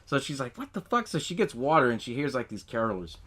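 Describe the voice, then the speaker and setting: A man's voice: medium pitch, animated, fast talker, fairly bright tone. Guy podcast host going over a movie, cusses constantly, laughs a bunch, voice bounces all over. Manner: laid-back, swears a lot, laughs often, acts out movie lines. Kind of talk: casual movie recap.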